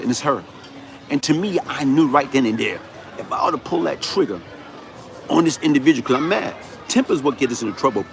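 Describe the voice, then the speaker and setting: Middle-aged New man, higher voice, live-streams a story in street slang with faint noise behind. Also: fairly bright tone. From New York City. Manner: emphatic street-slang storytelling, repeats "you know what I'm saying". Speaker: livestream host.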